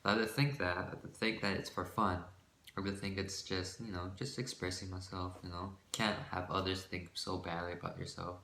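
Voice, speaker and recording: A man with a low, bright, forceful voice chats to his camera in a casual vlog. He rambles and runs himself down, often breaking off to restart a sentence or laugh nervously. His voice bounces around an echoey room. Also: level tone, fairly quick, creaky, a little hiss or hum. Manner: rambling and self-deprecating, with frequent restarts; nervous laughter between phrases. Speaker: vlogger.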